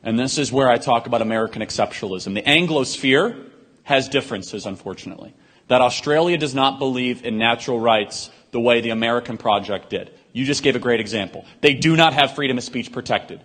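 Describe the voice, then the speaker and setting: A man delivers an emphatic speech to a live audience at a brisk clip, firing off rhetorical questions. His voice has a slightly husky edge. A long reverb rings behind him in a large hall. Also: mid-range voice. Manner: rapid-fire, forceful, rhetorical questions. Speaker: event host answering audience questions.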